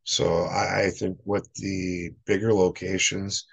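A male paranormal investigator co-hosting a casual interview, plain-spoken and relaxed. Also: sits low, slow pace, vocal fry, slightly rough, highs cut off. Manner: relaxed, plain-spoken, fillers like "you know".

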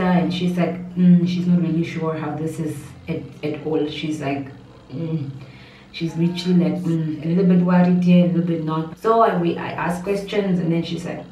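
A woman talks through a hard personal story, rambling and restarting, yet her voice stays steady. Her tone is mellow and a little low. She sounds somewhat distant from the mic, in a roomy space with a muffled, faintly noisy sound. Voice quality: steady voice that does not break. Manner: rambling, emotional, with many restarts and asides. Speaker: vlogger.

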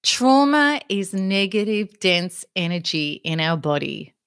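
An earnest woman teaching live, pressing her points with vivid everyday analogies. Her voice sits at a middle pitch and sounds dry and close, with no room echo. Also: sing-song, measured pace, a bit bright, clean tone. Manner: earnest, emphatic, uses analogies. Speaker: self-help teacher. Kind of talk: live motivational talk.

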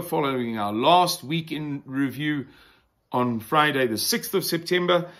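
A man with a South African accent hosting a weekly news review, talking deliberately and opinionatedly, pausing to explain words. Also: mid-range voice, fairly bright tone. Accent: South African English. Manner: deliberate, opinionated, pauses to define terms. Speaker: news commentary host.

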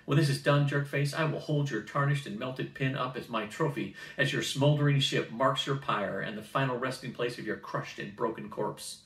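A man's voice: mid-range voice, fast, hardly any pauses, a bit bright, pitched above the performer's own voice, natural voice. A man doing a brash young girl cadet. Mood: boastful. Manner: dramatic threats. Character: fierce, boastful young female pilot cadet. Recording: roomy, distant mic.

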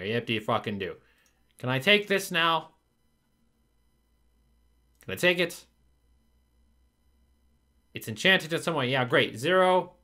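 A man narrates his own gameplay, frustrated and swearing as he mutters to himself. His pitch moves a lot, from low grumbles to sudden loud outbursts, and his tone is bright and forceful. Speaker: gaming video creator. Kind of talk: gameplay commentary.

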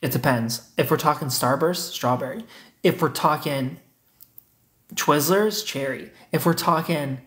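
A man's voice: on the high side, a little slow, a bit bright. A young man, hosting a casual livestream, reading chat comments aloud and teasing viewers in a joking way.

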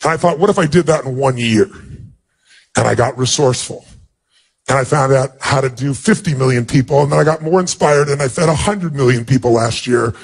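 A man with a slightly rough, creaky voice talks a little fast as a motivational speaker, earnestly telling an audience an emotional personal story. His pitch jumps up whenever he acts out dialogue.

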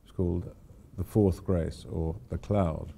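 A man's voice: low-pitched, steady tone, unhurried, gravelly, warm tone, slight background noise. An older man giving an informal architecture lecture to students, rambling with wry, self-deprecating asides. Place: lecture hall at a university.

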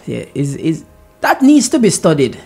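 A man with a Jamaican accent, a comedian chatting as a radio interview guest, joking and swinging between loud lively bursts and quiet mutters. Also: a little high, moderate pace, gravelly, husky, soft background music. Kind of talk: casual radio interview chat.

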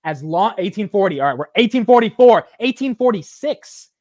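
A man hosting a live market-close stream, excitable and exclamatory, swearing as prices move. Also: high-pitched, a little fast, no echo. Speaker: host.

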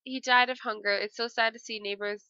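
A woman's voice: fairly high pitch, fairly even intonation, a little fast, bright, forceful tone, muffled recording. A woman giving casual, emotional commentary while playing a life-simulation game, with frequent dramatic exclamations. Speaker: let's play gamer.

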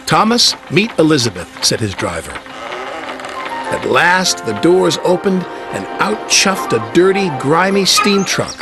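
A man's voice: sits high, slow pace. A man narrating a children's railway story. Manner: lively storytelling. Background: music.

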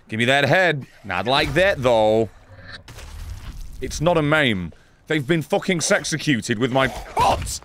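A man giving excitable, profane, laugh-filled commentary while playing a video game. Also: mid-range voice, slight background noise. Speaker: gaming YouTuber. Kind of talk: let's play commentary.

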